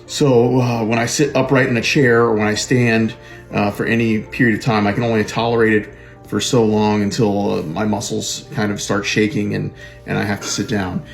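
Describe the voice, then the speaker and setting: Gravelly low-voiced man, flat delivery. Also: moderate pace, faint music behind. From Florida. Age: middle-aged. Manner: plain, candid, dryly sarcastic. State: recovering from surgery. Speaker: cancer patient. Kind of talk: video diary.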